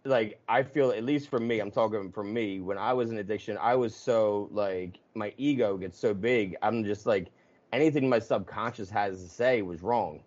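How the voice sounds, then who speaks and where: A man hosting a casual conversation, telling stories in an animated way with swearing and laughs. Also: on the low side, moderate pace, highs cut off. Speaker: podcast host.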